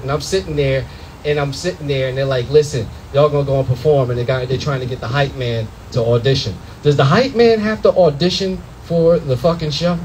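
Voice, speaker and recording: A young man tells stories on a comedy club stage, loud, animated and full of profanity. His voice sits high for a man, and he acts out other people's voices as he goes. A faint room ambience hums behind him. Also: slight background noise, poor audio. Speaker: stand-up comedian. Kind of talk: stand-up comedy set.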